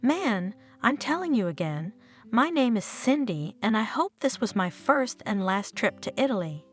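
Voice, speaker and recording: A woman's voice: fairly high pitch, big pitch swings, normal speed. A woman narrator voicing an irritated foreign woman tourist who snaps at a stranger, with faint guitar music behind. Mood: annoyed. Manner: irritated, snapping.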